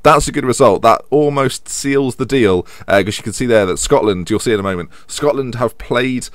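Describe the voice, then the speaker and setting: A man's voice: medium pitch, normal speed, no room sound. A young man commentating on a football management game, rambling and teasing himself as he goes. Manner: self-mocking, rambling, chuckles often. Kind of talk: casual let's-play commentary.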